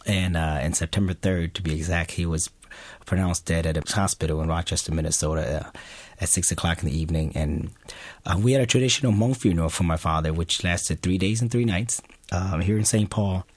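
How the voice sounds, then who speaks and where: A man telling a personal family story to an audience, earnest and halting, often restarting his sentences. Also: sits low, dry recording.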